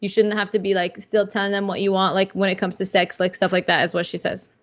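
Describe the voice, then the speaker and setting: A young woman co-hosting a casual podcast, talking in an animated, slangy way with lots of "like" and "dude.". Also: medium pitch, fast. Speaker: podcast co-host. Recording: slightly dull lo-fi audio.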